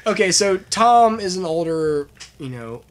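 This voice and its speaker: A man's voice: sits high, measured pace, crowd noise. A young man hosting a podcast, animatedly recapping a movie plot in casual chat and laughing often. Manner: animated storyteller, acts out scenes, laughs often. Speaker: podcast host.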